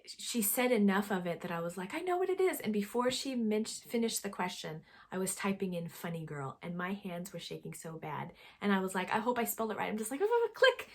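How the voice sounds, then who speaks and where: A woman hosting her knitting podcast, telling a story in an excitable, chatty way and often dropping into breathy whispers. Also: medium pitch. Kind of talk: casual chat to camera.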